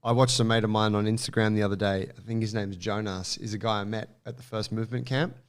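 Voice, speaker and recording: A man co-hosting a podcast, telling a story in an animated, casual way with lots of fillers and some swearing. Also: lowish voice, fast talker, clean tone. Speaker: podcast co-host.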